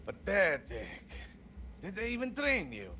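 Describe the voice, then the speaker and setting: A man's voice: wildly swooping pitch, a little slow, pushed and bright, a little hiss or hum, exaggerated voice. A man voicing a paranoid, unhinged middle-aged male doctor in a video game, with an erratic put-on accent and a sneering manner. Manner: sneering, swinging between high shrill and deep growl.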